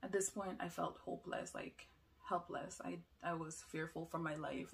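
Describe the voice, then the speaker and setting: A young woman telling a personal story in an emotional, halting way. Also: low-pitched, gravelly. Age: young adult.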